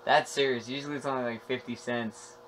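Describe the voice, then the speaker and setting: A young man casually commentating a video game with a friend, profane and joking, mock-shouting at the screen. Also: mid-range voice, fairly even intonation, a little fast, a little hiss or hum, low-quality recording. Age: young adult. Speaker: gameplay commentator. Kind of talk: casual let's play chat. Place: friend's room.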